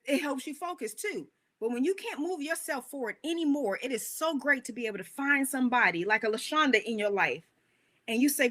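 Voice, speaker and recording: A woman coach giving an animated, emphatic motivational talk, full of rhetorical questions. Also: high-pitched, fairly quick.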